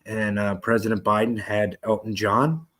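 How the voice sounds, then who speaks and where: Husky man telling rambling stories. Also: on the low side, moderate pace. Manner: profane, rambling, animated. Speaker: podcast host. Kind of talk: casual storytelling.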